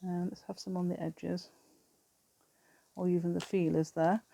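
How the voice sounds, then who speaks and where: A woman's voice: lowish voice, level tone, a little slow, creaky, mellow, slight background noise. A British woman hosting a craft channel, chatting through a crafting demonstration and rambling to herself with giggly asides.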